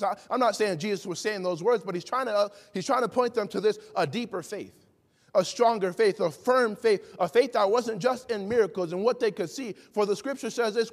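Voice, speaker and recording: A man delivers a sermon in a high, ringing voice. He leans on rhetorical questions and acts out the people he quotes. The sound carries a long reverb, as from a church sanctuary. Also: brisk. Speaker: preacher.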